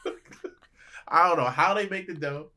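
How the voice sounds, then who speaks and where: A man's voice: a little high, unhurried, background noise. A man who is a comedian, guest on a podcast, talking in a laid-back, joking and teasing way. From Nigeria. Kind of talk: casual chat.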